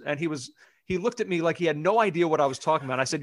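A man's voice: fairly high pitch, rapid-fire, no echo, clean studio sound. A man hosting a sports podcast, chatting casually and leading the discussion. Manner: conversational, leads the segment. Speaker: podcast host.

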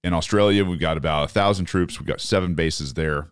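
Deep-voiced man ranting in profane disbelief. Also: fairly quick, smooth, no echo, clean studio sound. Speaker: podcast host. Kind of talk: opinionated political commentary.

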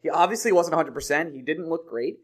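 A man's voice: on the high side, animated, fast talker. A young man co-hosting a sports podcast in casual chat, joking and laughing through the banter. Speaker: podcast co-host.

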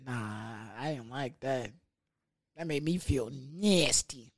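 A young man hosting a podcast, telling a story in a casual, profane, animated way with laughs. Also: mid-range voice, slow, no room sound, studio quality. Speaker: podcast host.

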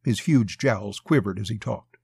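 A man with a gravelly voice reading a pulp crime story aloud as a scripted narration. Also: on the low side, animated, a little slow, a little mellow, no room sound.

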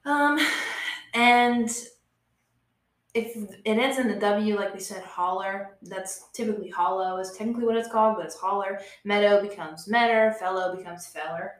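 A young woman, chatting casually as a podcast co-host and telling animated stories with frequent laughs. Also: mid-range voice, moderate pace, reverberant. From West Virginia. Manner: laughs often, animated storytelling. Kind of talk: casual chat.

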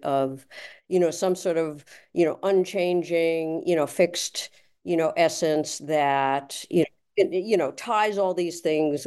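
Smooth-voiced woman interviewer, halting. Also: lowish voice, a little mellow. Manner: halting, full of fillers while forming questions. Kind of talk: podcast interview questions.

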